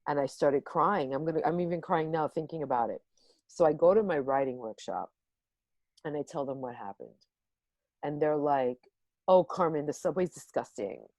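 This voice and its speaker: A woman telling a personal story to a workshop on a video call, animated and acting out the voices in it. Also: low voice, normal speed, no room sound. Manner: animated, acts out the voices in her stories. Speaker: workshop guest speaker.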